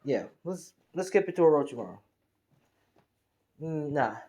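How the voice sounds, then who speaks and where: A man's voice: fairly high pitch, sing-song, moderate pace, warm tone. A man improvising a fan story, rambling along with many restarts and fillers.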